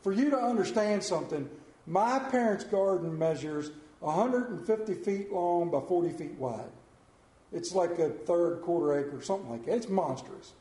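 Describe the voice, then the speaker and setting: A man in his fifties preaching a sermon, telling a folksy personal story and rising in pitch and volume as he drives points home. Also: lively intonation, moderate pace, roomy sound. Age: 50s. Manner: folksy storytelling, rises loud and high when preaching.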